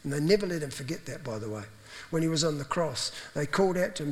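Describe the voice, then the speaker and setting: A man's voice: on the high side, animated, fast talker. Man preaching a chatty sermon in a reverberant hall; acts out quoted lines. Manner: conversational, acts out quoted voices.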